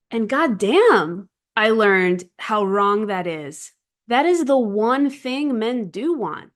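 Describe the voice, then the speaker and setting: A woman in her thirties talking earnestly to camera as a relationship coach, emphatic and often checking in with "right?". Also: medium pitch. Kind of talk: casual monologue to camera.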